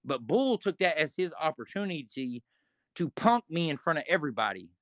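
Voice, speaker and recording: A middle-aged man telling a casual, profane story in an interview, with animated asides. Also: on the high side, normal speed, no room sound. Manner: profane, animated, acts out quoted arguments. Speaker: interview guest.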